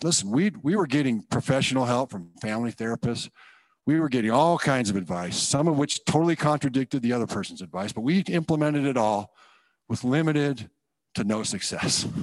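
A man shares his testimony from a church stage, telling his story with animated, self-mocking energy. His voice sits at an ordinary middle pitch. The sound is dry and close. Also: normal speed, no room sound. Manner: animated storyteller acting out his own quoted thoughts, self-deprecating. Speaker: guest speaker giving testimony. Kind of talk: personal testimony sermon.

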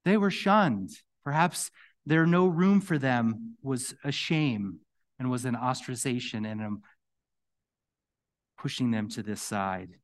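A middle-aged man preaching a conversational sermon as pastor, his voice going hoarse, rising to emphatic questions. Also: mid-range voice, unhurried.

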